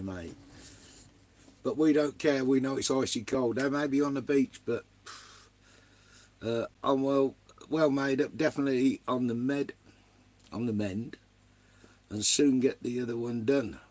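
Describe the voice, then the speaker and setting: Husky man chatting live. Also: medium pitch, normal speed, long pauses, no room sound. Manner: banterous, swears freely, calls viewers mate and son. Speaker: vanlife live streamer. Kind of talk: casual live-stream chat with viewers. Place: inside a camper van.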